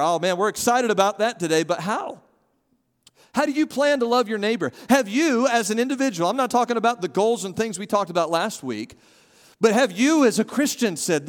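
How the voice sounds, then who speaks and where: A man preaching a sermon as pastor, animated and calling on his congregation to respond. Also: high-pitched, normal speed. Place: church sanctuary. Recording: long hall reverb.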